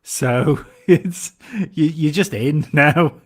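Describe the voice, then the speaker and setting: A man's voice: a little high, extremely slow. A man, chatting casually on a podcast, rambling and joking about himself. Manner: rambling, self-deprecating, laughs often. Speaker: podcast guest. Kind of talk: casual chat.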